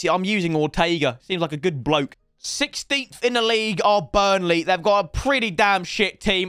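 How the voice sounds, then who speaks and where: A young man commentating his own football video game to viewers, sweary and excitable. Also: high-pitched, clear, resonant tone, dry recording, studio quality. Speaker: gaming streamer. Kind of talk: live gameplay commentary.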